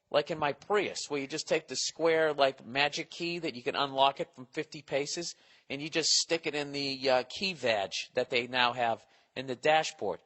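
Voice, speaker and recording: Profane, animated man telling a story. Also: on the high side. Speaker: podcast host. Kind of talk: casual comedic monologue.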